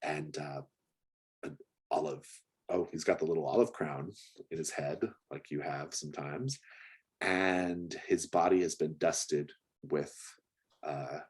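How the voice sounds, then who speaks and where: A man's voice: a bass voice, steady tone, slow pace, slightly rough. A man narrating as game master of a tabletop game, rambling and hesitant with many fillers.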